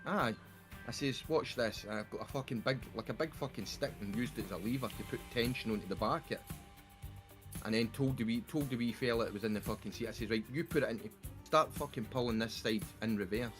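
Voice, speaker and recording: With a mid-range voice and quick pace, a Scottish man talks over music while streaming a game. He rambles through a swear-filled story to friends in a casual voice call on a desktop mic.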